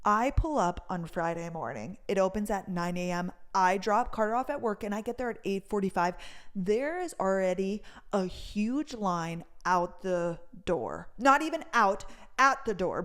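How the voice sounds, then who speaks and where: A woman's voice: medium pitch, moderate pace. Chatty young woman telling a story. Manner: chatty, swears freely, lively retelling. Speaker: vlogger. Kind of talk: casual storytime vlog.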